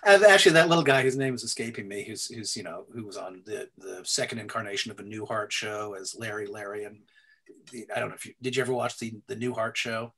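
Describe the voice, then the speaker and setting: An older man, a guest actor, chatting in a casual interview, animated and laughing, with stammering restarts and some swearing. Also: lowish voice, quick pace, gravelly, breathy edge. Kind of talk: casual interview over a call.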